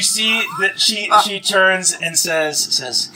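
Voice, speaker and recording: A man's voice: high voice, slow pace, few pauses, pushed and bright, faint music behind, low-quality recording. A man narrating as game master of a tabletop game, describing scenes with frequent "you see" and fillers.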